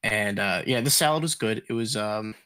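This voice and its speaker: A man's voice: lowish voice, moderate pace, pushed and bright, smooth, dry recording. A man in his twenties telling a story in casual chat, laid-back and profane, with lots of fillers and laughs.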